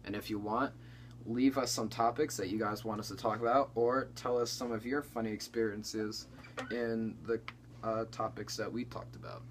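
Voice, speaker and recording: A man's voice: lowish voice, steady tone, normal speed, slight background noise. A young man hosting a comedy chat, telling a story in a rambling, casual way with lots of restarts. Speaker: comedy channel co-host.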